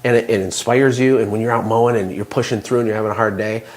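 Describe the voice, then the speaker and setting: A man, a small business owner and coach, talking in a casual interview with animated, motivational storytelling. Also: on the low side, quick pace.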